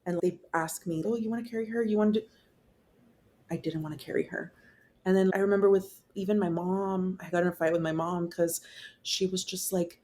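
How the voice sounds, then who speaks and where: A woman's voice: fairly low pitch, steady tone, brisk, warm tone. A young woman, a podcast guest, telling her personal story in a candid, casual way with swearing, fillers and restarts.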